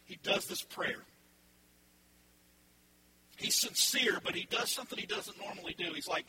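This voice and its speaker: A male pastor preaching an animated sermon, acting out the people in the story. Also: high-pitched, moderate pace, pauses often, heavy background noise. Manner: animated, acts out voices in the story.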